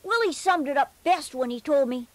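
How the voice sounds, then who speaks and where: A high-voiced bear storyteller. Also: male voice, lively intonation, normal speed, no room sound. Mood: earnest. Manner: gentle, earnest. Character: cheerful young male bear storyteller. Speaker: narrator. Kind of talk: children's storybook narration.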